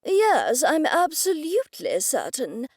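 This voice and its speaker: The voice is a man's, extremely high with huge pitch swings and a slow pace, recorded cleanly in a studio with no echo. It's a woman reading an audiobook, pitching above her own voice in a full character voice for a curt, guarded lawyer with clipped official speech.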